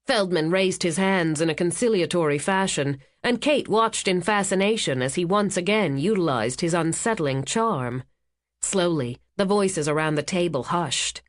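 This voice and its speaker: An audiobook narrator reading a thriller in a steady, even scripted narration. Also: mid-range voice, moderate pace, no room sound, clean studio sound.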